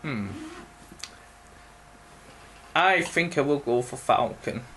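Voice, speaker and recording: A young man answering viewer questions in a casual video, halting and full of ums. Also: medium pitch, expressive, fairly bright tone, a little hiss or hum. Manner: slow, halting, many ums and pauses. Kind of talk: casual Q&A vlog.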